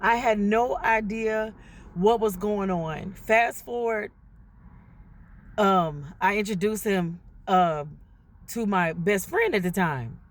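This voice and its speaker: A woman's voice: mid-range voice, takes it slowly. A woman telling a personal story in a casual, chatty way to her viewers, acting out what other people said. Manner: chatty, addresses viewers directly, acts out quoted voices.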